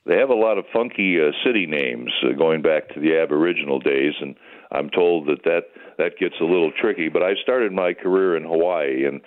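Very deep older man on a tinny phone line. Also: a little fast. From United States. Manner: easygoing, rambling storyteller. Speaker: sports broadcaster guest. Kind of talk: phone-in radio interview.

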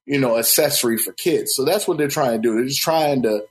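A man's voice: medium pitch, a little fast, rough recording. A man in casual podcast chat, explaining a video game at length with lots of fillers. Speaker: podcast co-host.

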